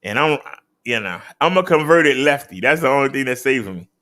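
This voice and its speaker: A man's voice: animated, a little fast, fairly bright tone. A man hosting a casual show, reading out daily figures and chatting. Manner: emphatic, swoops up high on key numbers. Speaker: host.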